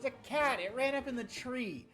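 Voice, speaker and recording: A game master voicing a soft-hearted male city guard who bickers with his partner in a tabletop game. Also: high-pitched, normal speed, faint music behind, voice pushed up. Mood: exasperated.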